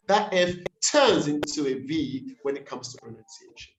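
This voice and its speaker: A man leading a pronunciation workshop on a video call, saying each word slowly and repeating it to model the stress. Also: on the high side, lively intonation, roomy sound, poor audio. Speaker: workshop facilitator. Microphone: computer mic on a video call.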